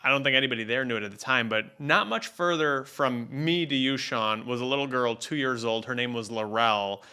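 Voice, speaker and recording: A man with a bright, crisp voice shares an experience on a podcast. He speaks earnestly and animatedly, leaning on fillers as he goes. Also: medium pitch. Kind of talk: casual conversational storytelling.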